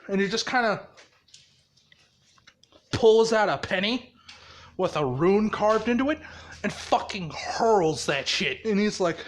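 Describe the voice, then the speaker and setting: Slow, laughing, foul-mouthed storyteller. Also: medium pitch, expressive, a little hiss or hum. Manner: laughs often, swears heavily. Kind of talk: casual improvised storytelling.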